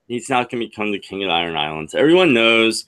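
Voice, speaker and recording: A man's voice: lowish voice, big pitch swings, fast, fairly bright tone, clean tone. A man, a chat moderator on a livestream, confidently explaining a theory at length.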